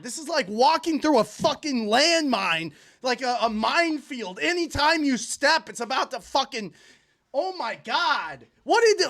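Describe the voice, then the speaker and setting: A man's voice: very high-pitched, a bit bright. A man hosting a livestream, giving profane, incredulous commentary as he reacts to online posts. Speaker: livestream host.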